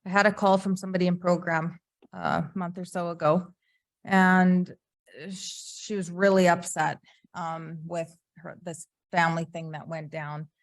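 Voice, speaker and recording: A woman in casual recovery talk, hesitant and filling pauses as she recounts a story. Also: on the low side, flat delivery. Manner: hesitant, uses fillers while recounting a story. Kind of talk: casual chat.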